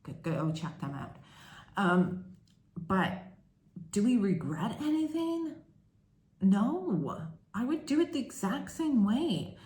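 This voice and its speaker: Slow-talking woman in an echoey room. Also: mid-range voice, sing-song, darkish tone. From Canada. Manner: candid, chatty storytelling. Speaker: vlogger. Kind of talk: casual confessional vlog.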